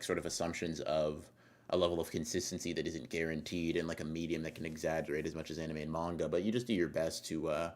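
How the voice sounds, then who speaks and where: A man with a deep, low voice chats on a live stream, reading chat messages aloud and answering them in a relaxed, slangy way. He's laid-back and rambling, with fillers, restarted sentences and casual swearing.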